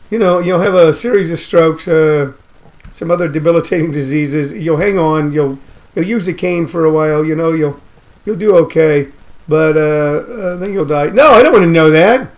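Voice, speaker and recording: A man hosting a radio show, riffing loosely in a comedic rant and repeating his phrases. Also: fairly high pitch. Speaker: radio host.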